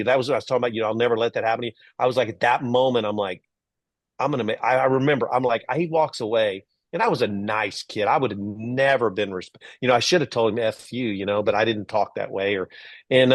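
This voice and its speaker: A middle-aged man from Texas telling stories as a guest in an interview, lively, acting out the voices of people he quotes. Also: medium pitch, fast talker, no echo. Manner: animated storyteller, acts out quoted voices. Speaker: guest, entrepreneur and author. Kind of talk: storytelling interview.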